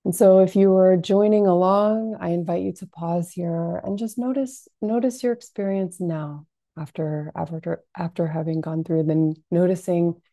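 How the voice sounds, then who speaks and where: A woman practitioner leading a gentle guided self-soothing lesson, speaking softly and calmly with frequent fillers. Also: fairly low pitch, gravelly, no echo. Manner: soft, unhurried, calming delivery with frequent fillers. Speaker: compassionate inquiry practitioner.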